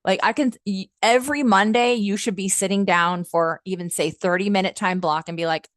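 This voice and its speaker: A woman working as a customer success manager, leading a software training webinar in an upbeat, chatty, enthusiastic way, often using "like" and "um.". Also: medium pitch, steady tone, fairly quick, hardly any pauses, no echo, clean studio sound. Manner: frequent "like" and "um" fillers.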